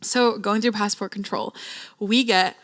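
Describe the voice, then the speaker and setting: Young woman yapping thru a travel story, chatty and slangy, mid pitch. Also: fairly even intonation, unhurried, a bit bright. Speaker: podcast host. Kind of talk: casual storytelling.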